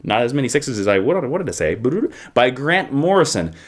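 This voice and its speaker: A man reviewing comic books in a casual, joking vlog with quick asides. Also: medium pitch, sing-song.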